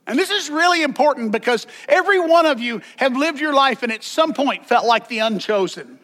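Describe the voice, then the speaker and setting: A man's voice: extremely high pitch, animated, fairly quick, a bit bright. A man preaching a sermon as pastor, conversational, with joking asides and repeated words.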